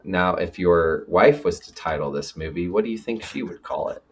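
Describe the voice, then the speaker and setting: A man with a low voice hosts a podcast. He asks his questions and keeps encouraging his guest with short affirmations. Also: normal speed, husky. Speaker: podcast host. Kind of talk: casual podcast interview.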